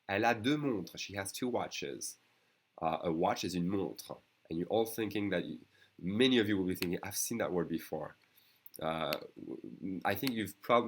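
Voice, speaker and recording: A man's voice: low voice, fairly bright tone. A man with a French accent, a native speaker teaching a beginners' language lesson online, patiently repeating each phrase.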